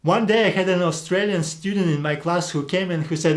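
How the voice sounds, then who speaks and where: A man's voice: sits high, a little fast. A man whose first language is Slavic, teaching a video lesson and explaining things patiently. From Eastern Europe. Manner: explanatory, demonstrates accents. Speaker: Greek teacher.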